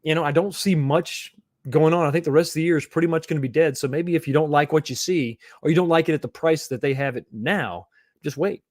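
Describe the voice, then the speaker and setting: A man's voice: on the high side, a little fast, darkish tone, no echo, studio quality. A man hosting a live stream, reading viewer comments aloud and replying in a chatty, reassuring way, calling people buddy. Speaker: livestream host reading chat. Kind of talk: casual live chat.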